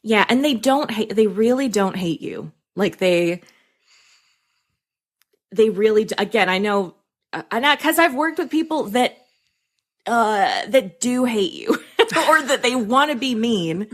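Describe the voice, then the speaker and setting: A woman's voice: fairly high pitch, expressive, a little slow. A woman who coaches freelance writers, talking candidly in a casual podcast chat, swearing freely and laughing often.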